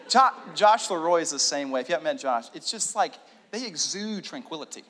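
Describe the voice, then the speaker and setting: A man preaching a sermon in a church room, animated, with joking asides and hushed prayer. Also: fairly high pitch, fairly quick, hardly any pauses. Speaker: pastor. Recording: long reverb of a hall.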